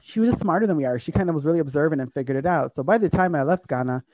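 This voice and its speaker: A woman's voice: deep voice, very fast, no echo, muffled recording. A woman telling stories in an interview, speaking with animation and acting out the dialogue. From United States. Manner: animated, acts out quoted dialogue, laughs often. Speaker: interview guest, university staff. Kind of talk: conversational storytelling.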